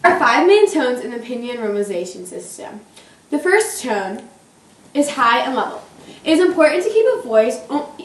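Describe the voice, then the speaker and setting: A woman's voice: a little high, echoey room, distant mic. A woman giving a classroom presentation on pinyin, reading carefully with small restarts.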